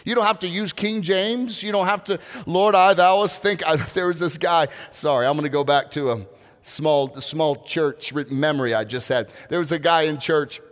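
High-voiced preacher in a reverberant church. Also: male voice, normal speed. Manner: conversational preaching with frequent restarts and humorous asides. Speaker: pastor. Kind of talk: sermon. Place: church sanctuary.

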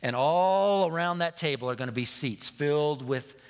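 A man's voice: on the high side, moderate pace, clear, resonant tone. A man preaching a sermon, telling a personal story with repeated phrases and sometimes dropping to a whisper. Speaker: pastor. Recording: long hall reverb.

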